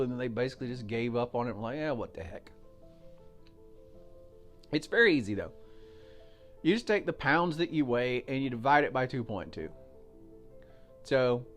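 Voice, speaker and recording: An American man talks through his podcast in a loose, folksy way, full of fillers and friendly asides. His voice sits at an ordinary middle pitch. A faint music bed plays quietly behind him. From United States. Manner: chatty, folksy, explains step by step with fillers. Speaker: podcast host. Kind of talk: casual solo podcast talk.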